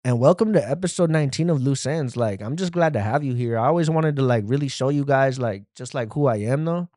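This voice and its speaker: A man's voice: mid-range voice, animated, brisk, mellow, no echo, close to an everyday voice. A podcast host voicing a vulnerable young street dude who drawls slang and ends his phrases with 'fool' or 'dog', recorded on a phone in a dry room. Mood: laid-back. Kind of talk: comedic podcast bit.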